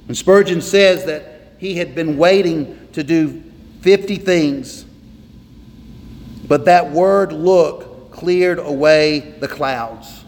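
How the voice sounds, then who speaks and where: Taking it slowly, a male pastor with a fairly high pitch delivers a sermon from the pulpit. His preaching is emphatic and repetitive, pounding on single words, and the recording carries the echo of a reverberant hall with faint noise.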